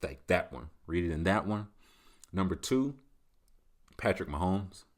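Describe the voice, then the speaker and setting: Deep-voiced joking male podcast host. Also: expressive, measured pace. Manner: loose, boastful, joking. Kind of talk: solo comedic commentary.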